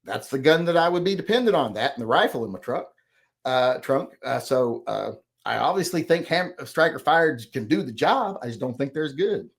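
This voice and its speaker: A man's voice: medium pitch, expressive, normal speed, vocal fry. A middle-aged man hosting a casual chat, reading viewer comments aloud and answering them in a rambling, self-correcting, plain-spoken way. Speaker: host.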